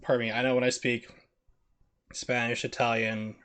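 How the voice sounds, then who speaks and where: Male streamer, American, casual rambling commentary, average pitch. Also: little pitch movement, moderate pace, fairly bright tone. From United States. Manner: rambling, filler-heavy chat with put-on voices. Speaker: game streamer.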